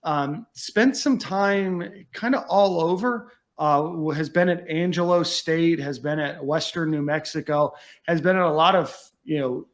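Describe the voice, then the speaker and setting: A man hosts a casual sports podcast with a somewhat higher voice than most men. He talks in a relaxed way, filling gaps with little fillers as he moves from one topic to the next. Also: a little slow. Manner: relaxed, steers the talk, many fillers. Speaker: podcast host.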